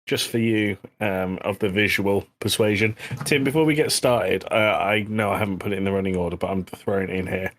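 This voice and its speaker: Talking fairly quickly in a lowish voice, this British co-host of a comedy podcast keeps things casual, joking around and rambling as he goes.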